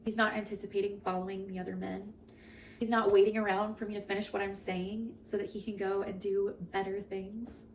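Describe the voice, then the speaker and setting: A woman's voice: medium pitch, little pitch movement, brisk, slight background noise, low-quality recording. A young woman reading scripture aloud and reflecting on it in an earnest, emotional way, with chatty asides. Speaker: Bible reading host.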